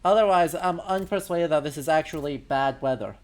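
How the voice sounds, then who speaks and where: A man's voice: fairly high pitch, fairly quick, a little mellow. A man casually commenting on a video game during a live stream, musing aloud, correcting himself and talking to his chat. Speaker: history streamer.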